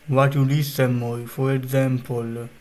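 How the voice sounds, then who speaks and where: A man's voice: mid-range voice, level tone, a little slow, a little mellow. A man from Italy with an Italian accent, speaking English as a second language in casual, rambling chat on his stream. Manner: rambling, unpolished non-native phrasing.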